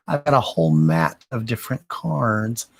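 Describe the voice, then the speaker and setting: A man in his 30s works as a card reader on a livestream, mumbling through casual, profane chat that rambles and turns self-deprecating. His voice is lowish and gravelly.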